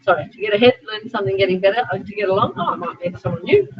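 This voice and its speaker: A middle-aged Australian woman speaking as a sport psychologist, giving a chatty, animated talk to a small group of students and breaking into frequent asides. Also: medium pitch, very fast. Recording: dull lo-fi recording.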